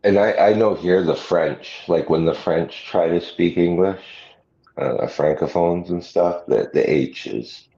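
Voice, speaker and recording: A man's voice: deep voice, a little slow, creaky, warm tone. A man hosting a livestream in laid-back casual chat, chuckling often. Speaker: livestream host. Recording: muffled lo-fi sound in an echoey room.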